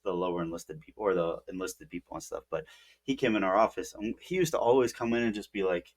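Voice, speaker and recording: A man's voice: low-pitched, fast talker. A man co-hosting a podcast, telling a rambling story in casual chat with lots of "like" and restarts. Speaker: podcast co-host.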